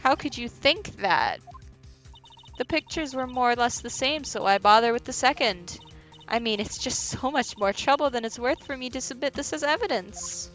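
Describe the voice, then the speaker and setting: A woman's voice: fairly high pitch, animated, normal speed, fairly bright tone, faint music behind. A woman voicing a haughty young female prosecutor, speaking coldly and condescendingly. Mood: dismissive. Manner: cold, condescending.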